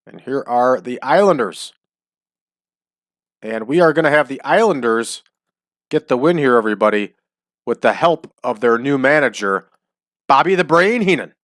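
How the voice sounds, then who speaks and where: A man's voice: mid-range voice, animated, fairly bright tone, dry recording. Man, casual game commentary, chatty, dry close mic. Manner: chatty, drawn-out hype calls. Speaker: wrestling sim game host.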